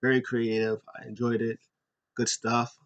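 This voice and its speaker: A man's voice: mid-range voice, monotone, measured pace, fairly bright tone, highs cut off. Rambling man recapping wrestling. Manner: rambling, many ums and uhs, self-correcting. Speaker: YouTube host.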